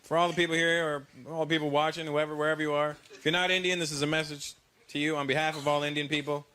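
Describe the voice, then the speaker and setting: A man from Canada doing a stand-up comedy routine on a stage, animated and switching into mimicked accents. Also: a little high, fast talker, smooth. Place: large theater stage with audience laughter. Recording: loud background noise.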